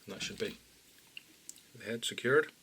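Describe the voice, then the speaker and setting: A man calmly talking through fly-tying steps as an instructor, often dropping low and quiet. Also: normal speed, a little hiss or hum. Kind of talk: step-by-step tutorial narration.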